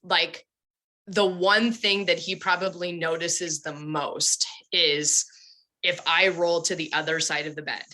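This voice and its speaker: A young woman with a lower-than-average pitch and a bright, forceful tone tells animated, chatty stories. She speaks in a casual podcast conversation. Her delivery is lively and full of asides. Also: measured pace.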